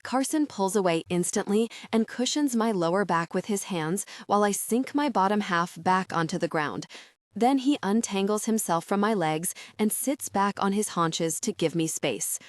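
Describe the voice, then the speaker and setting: A woman narrating a first-person romance audiobook in an intimate, measured reading. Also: medium pitch, animated, no echo, studio quality.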